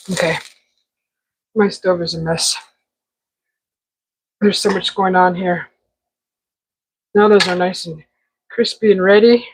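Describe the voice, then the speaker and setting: A woman's voice: lowish voice, fairly even intonation, slow pace, pauses often, a little hiss or hum, rough recording. Chatty woman cooking in her kitchen. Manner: chatty, talks to the food while cooking. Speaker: cooking show host. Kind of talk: casual live cooking chat. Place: home kitchen.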